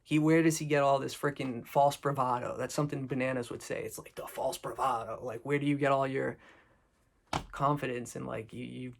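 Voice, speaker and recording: A man's voice: mid-range voice, steady tone, brisk, creaky. A man from Boston giving a rambling, profane, joking recap of a reality show episode. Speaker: recap video host. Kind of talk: casual recap commentary.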